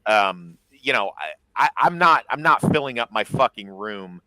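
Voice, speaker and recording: A man's voice: medium pitch, animated, moderate pace, bright, forceful tone, no echo, low-quality recording. A man on a casual chat show, talking emphatically, joking and swearing. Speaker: podcast co-host.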